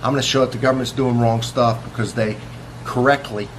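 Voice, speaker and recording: A police officer talking casually to the camera in a boastful, contemptuous way. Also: male voice, medium pitch, fairly even intonation, a little fast. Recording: noisy recording.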